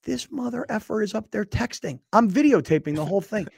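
A sports talk show host chats casually, reads a live sponsor ad, and tells a story that grows more indignant, his voice getting louder and higher as he goes. He talks briskly, with a creaky, slightly rough quality. The recording is dry and studio quality.

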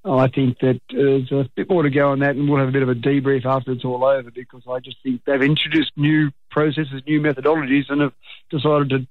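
Jokey Australian mayor on a tinny phone line. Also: male voice, mid-range voice, flat delivery, fast talker, no echo. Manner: jokey, chatty, self-mocking. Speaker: mayor phoning in to a radio show. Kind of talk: casual radio phone chat.

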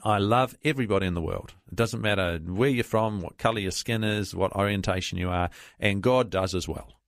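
A man's voice: lowish voice, no echo, clean studio sound. A man co-hosting a Christian talk radio show, speaking earnestly with frequent restarts. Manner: earnest, halting with many restarts.

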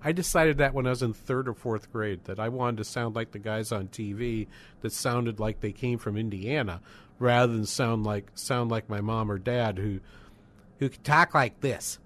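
A man in his sixties from northern New England hosts a call-in radio show. He talks in a loose, conversational ramble, stopping and restarting his sentences with plenty of ums and uhs. His voice sits at an ordinary middle pitch. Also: moderate pace, fairly bright tone. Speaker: radio talk show host. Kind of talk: casual call-in radio talk.

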